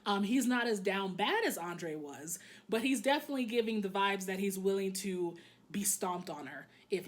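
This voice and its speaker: In a medium-pitched voice, a woman recaps an anime episode in a loose, joking manner. She doesn't hold back on swearing and leans on "um" whenever she pauses.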